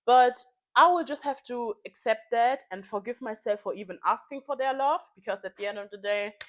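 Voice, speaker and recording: High-pitched woman in her 20s ranting to camera, lots of ums, repeats herself to hammer it home. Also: a little fast, fairly bright tone. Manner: frank and heated, swears freely; lots of fillers, repeats phrases for emphasis. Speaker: vlogger. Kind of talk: casual venting monologue.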